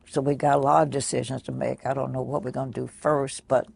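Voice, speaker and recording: An older woman quietly recounting a personal memory in a soft, halting way with many pauses. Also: very deep voice, little pitch movement, gravelly, a little hiss or hum. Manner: soft-spoken, pausing, many fillers. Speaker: interviewee. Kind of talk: personal recollection.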